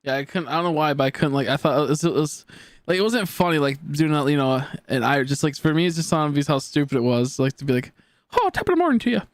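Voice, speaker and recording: Man, twenties, game streamer, loose joking chatter, slightly high voice, dry close-miked sound. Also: fairly even intonation, quick pace, dry recording. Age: 20s. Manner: rambling, joking, answering chat aloud. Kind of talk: casual live-stream chat.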